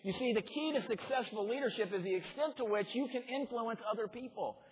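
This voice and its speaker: A man's voice: very high-pitched, fairly quick, slight background noise. A man giving a motivational keynote speech, joking with the audience and leading them through exercises. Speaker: keynote speaker. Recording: tinny lo-fi speaker demo reel.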